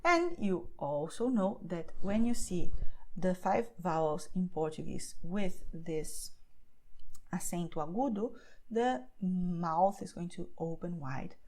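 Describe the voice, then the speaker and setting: A woman teaches a beginner's pronunciation lesson, speaking clearly and patiently. She often checks in with a quick "okay?" as she explains. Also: fairly low pitch, lively intonation. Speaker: language teacher.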